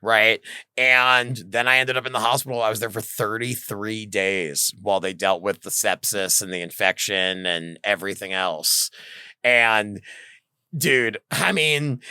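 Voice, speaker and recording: A man's voice: fairly low pitch, measured pace, smooth, no room sound, clean studio sound. A man, a comedian guest on a podcast, telling a personal story in casual chat and acting out the people he quotes. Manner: animated, acts out quoted voices.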